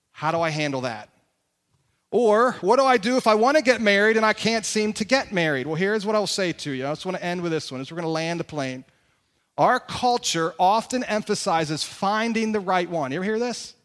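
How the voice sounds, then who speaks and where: A man preaching a conversational sermon as pastor, with emphatic repetition and rhetorical questions. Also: fairly high pitch. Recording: long hall reverb.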